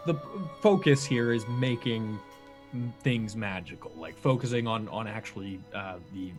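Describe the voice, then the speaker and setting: A man's voice: fairly low pitch, a little slow, soft background music. A man playing a tabletop game, chatting casually and joking with the table. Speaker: player.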